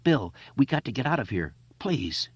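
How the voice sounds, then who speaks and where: A man's voice: medium pitch, big pitch swings, moderate pace, breathy edge, no room sound, voice pushed up. A man voicing a horrified boy speaking in a choked voice, reading in a slightly dull, lo-fi recording.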